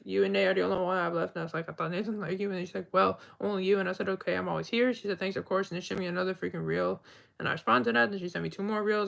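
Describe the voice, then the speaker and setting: A man's voice: sits high, creaky, a bit bright. A man on a livestream, rambling through a retelling of text chats with "and I was like.".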